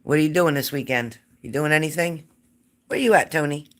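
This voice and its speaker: A woman's voice: low-pitched, a little fast, fairly bright tone. A woman hosting a live psychic reading stream, chatting casually and greeting viewers by name.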